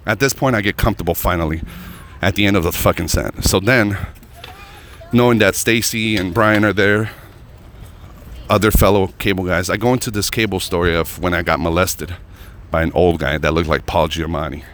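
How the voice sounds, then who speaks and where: A man's voice: sits low, fairly even intonation, normal speed, a bit bright, slight background noise. A man working as a comedian, telling a rambling, profane story straight to his viewers. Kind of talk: casual storytelling to camera.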